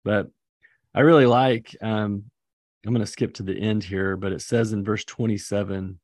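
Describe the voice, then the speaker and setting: A man's voice: on the low side, steady tone, normal speed, a little mellow, no room sound, clean studio sound. A man who teaches seminary, thinking aloud with enthusiasm and fillers while talking through lesson ideas. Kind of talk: casual teaching-prep chat.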